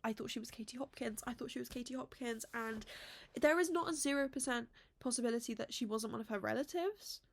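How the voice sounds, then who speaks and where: A woman's voice: a little high, fast. Chatty, rambling young woman vlogger. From England. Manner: chatty, self-deprecating, rambling with many fillers. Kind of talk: casual chat to camera. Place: home room.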